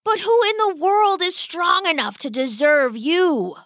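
A woman's voice: very high voice, unhurried, a bit bright, no echo, clean studio sound, pitched above the performer's own voice. A woman voicing an old, pompous, dramatic male rat father in a storybook tale, blustering and theatrical. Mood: grandiose.

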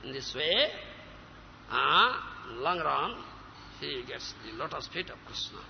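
Guy giving an emphatic sermon, high gravelly voice, lo-fi hall recording. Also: a little slow, a little hiss or hum. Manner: emphatic, rhetorical questions to listeners, breaks into chanting. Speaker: spiritual teacher. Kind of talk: devotional lecture with sung verses. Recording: lo-fi hall recording, faint ambience.

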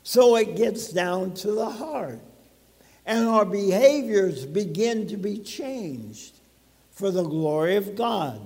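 A man's voice: high voice, lively intonation, slow, vocal fry, a little mellow, long reverb tail. A man pastor preaching a sermon to his congregation in a conversational way, putting questions to the listeners. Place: church sanctuary.

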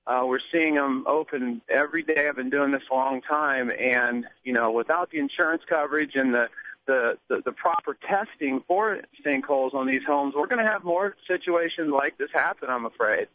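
A man calling in as an expert guest on a radio show, speaking haltingly with many fillers. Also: medium pitch. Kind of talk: phone-in interview. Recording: tinny phone line.

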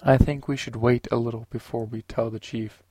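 A man reading the lines of a stranded human soldier in an audiobook, calm and firm. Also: medium pitch, moderate pace, slightly rough, no echo, close to an everyday voice.

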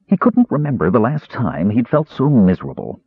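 A man narrating a fantasy audiobook with a very expressive delivery. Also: mid-range voice, brisk, breathy edge, no echo. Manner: very expressive, wide-ranging delivery. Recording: dry, tinny phone-like sound.

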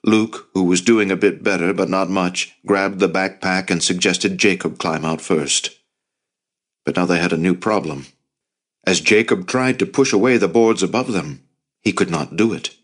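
A man narrating an audiobook in a measured storytelling manner. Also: low voice, fairly bright tone. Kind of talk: scripted narration.

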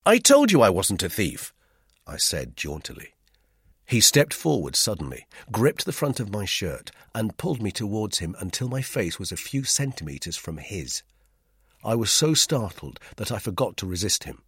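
A man narrating a first-person novel in a tense, lively way, recorded in a dry studio. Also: fairly low pitch, normal speed, husky, dry recording. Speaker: audiobook narrator.

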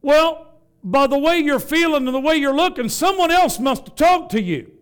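A man's voice: very high-pitched, animated, normal speed. A man, a Pentecostal bishop, preaching a sermon to a congregation in a church, with a rhythmic, folksy style and questions thrown to the crowd.

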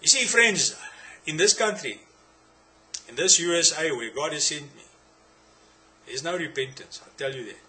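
A man's voice: fairly high pitch, lively intonation, normal speed, pauses often, pushed and bright. A man with a South African accent preaching a sermon, emphatic and repetitive, firing rhetorical questions at his listeners.

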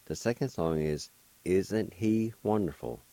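A man's voice: deep voice, lively intonation, unhurried, creaky, mellow, no room sound. A man teaching a language on a radio show, patiently spelling out words letter by letter and pronouncing them syllable by syllable. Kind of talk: slow spelling and pronunciation lesson. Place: radio studio.

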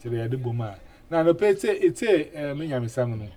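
A man hosting a casual radio chat, animated and full of 'eh' fillers and repeated words. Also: fairly high pitch, a little fast. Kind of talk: casual chat in mixed languages.

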